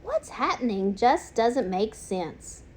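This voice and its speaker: A woman voicing a small anxious male classroom hamster with a squeaky voice, reading a storybook. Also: takes it slowly. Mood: confused. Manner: fretful, excitable, gasping.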